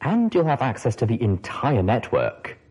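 Storybook: male reader voicing a playful female pony radio host, husky and sing-song. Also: mid-range voice, huge pitch swings, moderate pace, voice pushed up, heavily acted, low-quality recording. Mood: teasing. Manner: playful, teasing, gentle.

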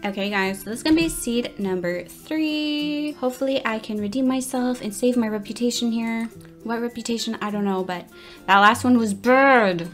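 A woman's voice: on the high side, normal speed, a bit bright, soft background music. Flustered, chatty young woman gamer. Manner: chatty, self-mocking, flustered under time pressure. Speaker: gaming YouTuber. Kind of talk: casual gameplay commentary.

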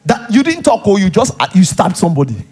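Preaching in a church hall, this Nigerian-accented pastor talks fast in a high, husky, slightly mellow voice that swings widely in pitch. He dramatizes little scenes and repeats key points for emphasis.

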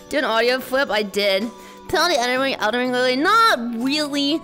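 A woman's voice: on the high side, expressive, fairly quick, music in the background. A woman hosting a live stream in casual chat, playful and bubbly, greeting her viewers with a slightly sore voice.

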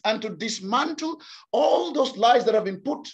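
Impassioned high-voiced male preacher. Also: animated, normal speed. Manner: impassioned, repeats words for emphasis. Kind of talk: sermon. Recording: slightly dull lo-fi sound.

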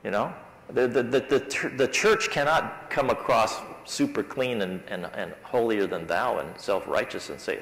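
A man's voice: fairly low pitch, normal speed, fairly bright tone, slight background noise. A man leading a Sabbath School Bible class in casual, conversational talk with his group. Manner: conversational, talks things through with the class. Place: church classroom. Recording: reverberant church hall.

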